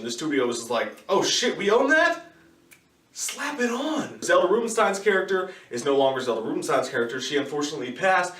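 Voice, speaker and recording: A man giving a casual, profane movie review, ranting in an animated way and slipping into quick impressions. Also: mid-range voice, distant mic. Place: in his car. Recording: echoey room, voice somewhat off-mic.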